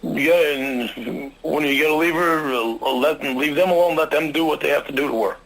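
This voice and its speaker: A man's voice: fairly high pitch, moderate pace, creaky, fairly bright tone, rough recording. A man soothing and reassuring his upset partner on a reality show. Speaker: partner comforting his wife.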